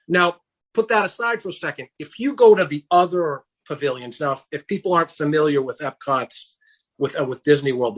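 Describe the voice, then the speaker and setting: A middle-aged man being interviewed on a casual podcast, telling his story in an animated way and acting out the dialogue he quotes. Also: a little high. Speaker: guest, campaign founder.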